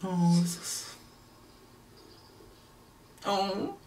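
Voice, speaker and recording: Emotional reactor with wild pitch swings. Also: big pitch swings, drawn-out words, a little mellow, far from the mic, a little hiss or hum. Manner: emotional, gushing and profane. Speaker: video reactor. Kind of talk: casual reaction commentary.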